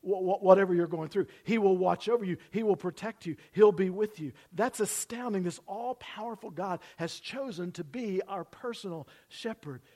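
Male preacher, higher-pitched voice, dynamic sermon delivery with loud peaks and soft drops. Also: normal speed, few pauses. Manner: preaching with sudden loud emphasis and drops to near-whisper; asks the congregation to repeat phrases. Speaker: pastor. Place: church building.

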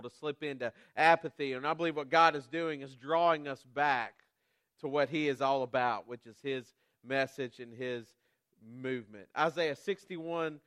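A man in his thirties preaching a sermon, self-deprecating and conversational, with animated storytelling that builds to loud peaks. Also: on the high side, clean tone, no room sound. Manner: animated storytelling, rising to near shouts at climaxes. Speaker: guest preacher.

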